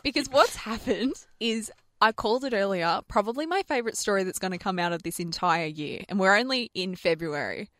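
An Australian woman on radio with a mid-pitched voice, wry and teasing as she banters and tells stories. The recording is close and dry. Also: fairly quick, hardly any pauses, dry recording. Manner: wry, teasing, lively storyteller. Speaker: radio host. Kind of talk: breakfast radio banter and storytelling.

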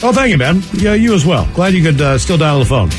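Male radio host, somewhat high and animated, loose joking banter. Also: fast talker, music in the background. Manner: joking, rambling with restarts.

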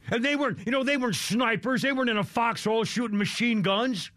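A man's voice: very high-pitched, animated, fairly quick, hardly any pauses, fairly bright tone, no echo. A man hosting a talk radio show, ranting in anger with mild swearing, often breaking off and starting over. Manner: angry, swearing, trailing off and restarting. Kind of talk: heated talk radio rant.

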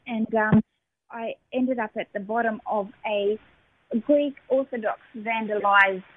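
Woman, radio guest, personal testimony, halting and emotional, somewhat high voice, tinny phone line. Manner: halting, emotional storytelling with many fillers.

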